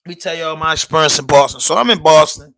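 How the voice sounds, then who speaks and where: Male podcast host, loose and emphatic, with a sharp, somewhat high voice. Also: quick pace, creaky, low-quality recording. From Baltimore. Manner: loose, emphatic, peppered with "you know what I'm saying". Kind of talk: casual livestream chat.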